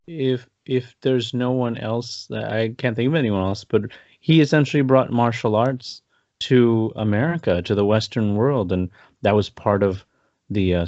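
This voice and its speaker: Another man co-hosts the film podcast, his voice lowish and darkish in tone. He rambles through stories, laughs a lot and performs quotes in this casual review chat, captured in a dry, dull lo-fi recording.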